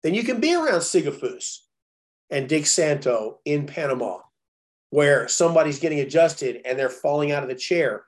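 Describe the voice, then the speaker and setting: A man coaching chiropractors in a blunt, profane, animated way, telling stories. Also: a little high, moderate pace. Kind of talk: profane coaching talk on a call.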